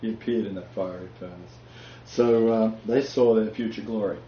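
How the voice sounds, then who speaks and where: A man's voice: on the low side, fairly even intonation, moderate pace. A man leading a casual bible discussion, talking in an emphatic, preacherly way with frequent laughter. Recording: roomy, dull lo-fi recording with faint noise.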